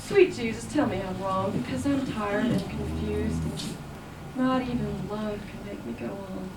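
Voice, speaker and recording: A woman's voice: mid-range voice, wildly swooping pitch, measured pace, heavy background noise. Woman doing a weary, pleading woman. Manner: plaintive, despairing. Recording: roomy, distant live VHS recording.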